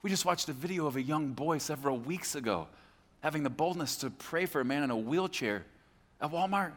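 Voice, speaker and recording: A man preaching a sermon as pastor on a church stage, emphatic, swinging between hushed and loud. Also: a little high, animated, fairly quick. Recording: echoey hall with long reverb.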